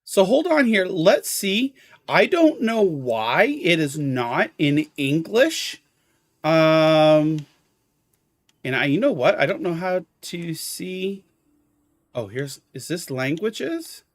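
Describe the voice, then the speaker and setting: A man's voice: a little high, big pitch swings, takes it slowly, no room sound. A man live-streaming a video game, chatting casually with viewers, exclaiming at the graphics and apologizing for hiccups.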